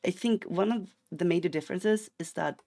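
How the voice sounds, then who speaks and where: A man from Sweden with a Swedish accent, streaming a game and chatting casually. His voice carries a gravelly, fry-tinged edge. He rambles playfully and flares into mock outrage. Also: high voice, normal speed, darkish tone. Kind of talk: casual chat while gaming.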